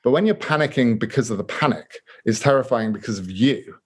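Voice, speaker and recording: A man's voice: mid-range voice, animated, husky. A man, a guest author speaking earnestly in an interview, often restarting his sentences. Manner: earnest, halting, with frequent restarts. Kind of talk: reflective interview talk.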